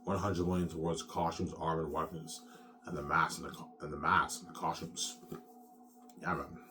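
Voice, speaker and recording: A man's voice: a bass voice, level tone, moderate pace, far from the mic, over music. A man rambling casually to his viewers, repeating himself and tossing in "man" and "yeah". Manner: repetitive, keeps saying "man" and "yeah".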